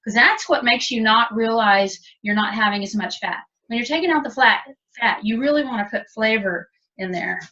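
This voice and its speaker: A woman's voice: a little high, normal speed, pushed and bright. A woman teaching a cooking demonstration, chatty and explaining step by step. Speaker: cooking instructor. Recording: dull lo-fi audio from a distance.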